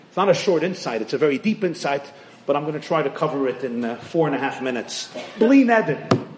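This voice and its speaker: A man giving a sermon as a rabbi, telling stories animatedly, questioning the audience directly, and swinging sharply between loud and hushed. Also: slight background noise. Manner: animated storytelling, rising and dropping sharply in pitch and volume.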